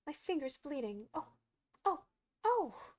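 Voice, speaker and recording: A woman voicing a flustered, kindly queen with a fussy, wailing manner, a little higher than her own voice. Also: normal speed, no room sound, natural voice.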